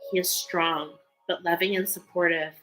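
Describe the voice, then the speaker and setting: Bright-voiced woman reading oracle cards. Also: on the low side, fairly even intonation, moderate pace, soft background music, rough recording. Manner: earnest, emotional, reads card texts aloud with many fillers. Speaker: tarot card reader. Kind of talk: spiritual card reading.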